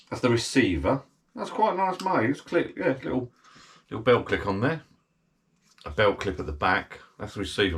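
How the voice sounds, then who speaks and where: A middle-aged British man chatting casually while he unboxes a gadget, rambling and thinking aloud as he goes. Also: lowish voice. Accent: British English.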